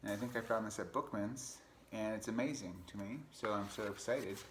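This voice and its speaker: Guy reading a kids' story out loud, laid-back and chatty, echoey room with faint ambience. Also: lowish voice, fairly quick, slight background noise. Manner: relaxed, chatty, explains pictures. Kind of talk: picture-book read-aloud with chatty asides.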